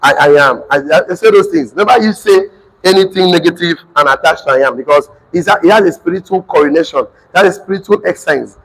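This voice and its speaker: A man leads a live motivational class, hammering his points home through repetition. His voice sits a little high and has a husky edge. He speaks with the emphatic cadence of a preacher. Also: poor audio. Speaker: motivational teacher.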